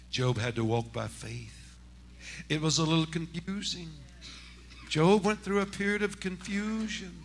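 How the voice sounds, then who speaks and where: A man, a senior pastor, preaching a Pentecostal sermon in church, dropping to hushed talk and rising to shouted exclamations. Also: a little high, a little hiss or hum. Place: church sanctuary.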